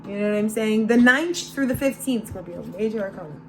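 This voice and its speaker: A woman's voice: mid-range voice, fairly quick, noisy background. A woman giving a casual, channeled tarot reading, slangy and loose, calling listeners bro and laughing often. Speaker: tarot reader.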